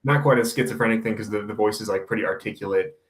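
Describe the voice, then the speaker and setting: Laughing man in a roomy echo. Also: on the low side. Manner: laughing easily, quick agreeing. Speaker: podcast co-host. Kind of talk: casual book discussion.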